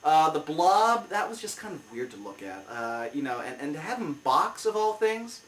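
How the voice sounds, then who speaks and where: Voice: medium pitch, sing-song, moderate pace, a bit bright, recorded from a distance. A comic review show host rants through a movie review, heated and exasperated. The voice sits back from the mic in a roomy, echoing space.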